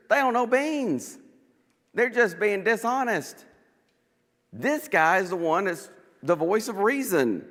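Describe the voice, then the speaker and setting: Animated male Bible teacher, conversational, acts out verses; lively pitch, long church reverb. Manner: animated, acting out scripture quotes with chuckles.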